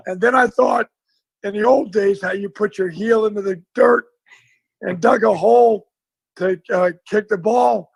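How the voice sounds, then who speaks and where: A man, a former football coach, telling a lively story in a casual interview and acting out the dialogue. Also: sits high, measured pace, creaky, slightly rough, dry recording, rough recording. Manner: animated storyteller, acts out dialogue.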